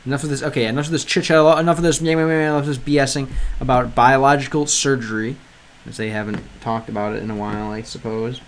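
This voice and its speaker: Fast and with few pauses, a man with a mid-range, fairly flat voice chats casually on a game livestream. He's learning Spanish, translating aloud and responding to chat, though he rambles with lots of ums and restarts. Some hiss or hum is audible.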